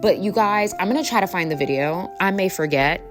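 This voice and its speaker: A woman's voice: fairly low pitch, lively intonation, brisk, music in the background. A woman talking casually to her viewers, telling a story in a chatty, rambling way with lots of fillers. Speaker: spiritual coach.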